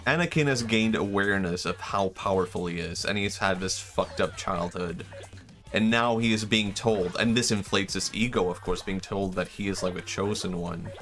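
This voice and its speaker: A man's voice: sits low, normal speed, faint music behind. Young man rambling on a game stream. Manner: rambling, excitable musing with frequent swearing. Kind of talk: casual gaming stream commentary.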